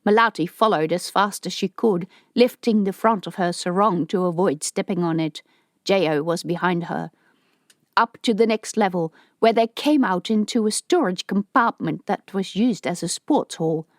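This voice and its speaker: A woman's voice: medium pitch, normal speed, no room sound, clean studio sound. Woman reading an audiobook. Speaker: audiobook narrator. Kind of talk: scripted audiobook narration.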